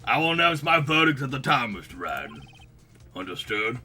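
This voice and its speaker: A man's voice: medium pitch, sing-song, normal speed, bright, forceful tone, husky, soft background music, exaggerated voice. A man voicing a mild, formal male judge in a courtroom game.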